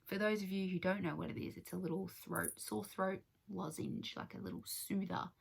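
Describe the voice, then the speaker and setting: A young woman tells a story to camera in a chatty, animated way. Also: medium pitch, brisk, vocal fry, background noise. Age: 20s. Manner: chatty, animated, acts out other people's lines. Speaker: vlogger.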